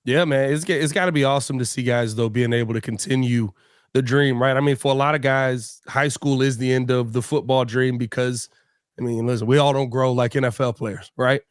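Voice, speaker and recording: A man's voice: mid-range voice, fairly even intonation, a little fast, smooth, no echo, clean studio sound. A man hosting a sports podcast, upbeat and slangy, joking with his co-host. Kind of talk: casual sports talk.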